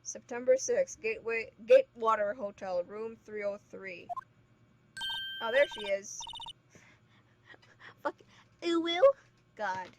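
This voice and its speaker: A woman's voice: on the high side, expressive, takes it slowly, long pauses. A woman streaming a game, chatting casually and laughing often. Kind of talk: casual let's-play chat. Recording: faint background noise, lo-fi stream mic.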